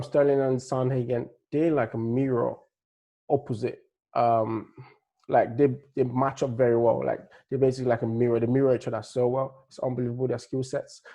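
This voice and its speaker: A relaxed man with a slight Nigerian-tinged accent talks through fight picks in a loose, rambling way. His voice is gravelly and low-key, and his pitch stays fairly flat as he hunts for words between fillers. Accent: Nigerian-tinged English. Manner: laid-back, rambling, many fillers and restarts. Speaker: MMA fight analyst. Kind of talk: casual fight-prediction breakdown.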